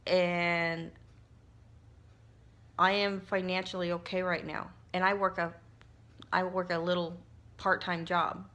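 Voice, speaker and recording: A woman's voice: on the low side, flat delivery, slow pace, long pauses, a bit bright. A middle-aged woman talking casually while crafting, telling a personal story in a heartfelt, emotional way with frequent restarts. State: tearful at times. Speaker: crafting vlogger.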